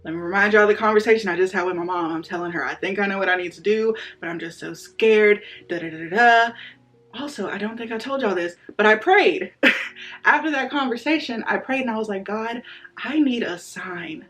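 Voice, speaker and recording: A woman's voice: medium pitch, a little fast, a bit bright, faint music behind. Chatty young woman telling a story. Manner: chatty, addresses viewers directly, acts out quotes. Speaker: vlogger sharing a testimony. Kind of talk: casual storytelling.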